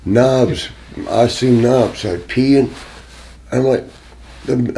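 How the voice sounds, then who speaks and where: A man's voice: medium pitch, drawn-out words. Male guest, laughing storyteller, casual. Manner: laughing through story, animated. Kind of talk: casual anecdote.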